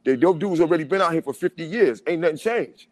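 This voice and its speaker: A man talks quickly in a casual chat. His voice sits a bit high and is full of emphatic street-style phrasing. The recording is dry and close. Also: dry recording. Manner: fast, animated street talk, repeats "you know what I'm saying".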